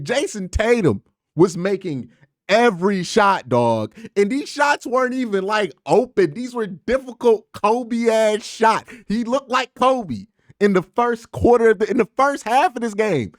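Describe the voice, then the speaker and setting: A man talks through a basketball game in an excited, casual reaction vlog. His voice sits fairly high, and he punches his points with slang and sound effects. The recording is close and dry. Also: a little slow, no echo. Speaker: sports commentator vlogger.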